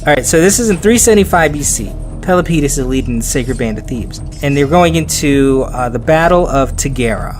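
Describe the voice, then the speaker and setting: A man hosting a relaxed history podcast, chatty and quick to joke. He trips over tricky names and laughs it off. Faint music sits underneath. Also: on the high side. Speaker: podcast host. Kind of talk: casual history podcast chat.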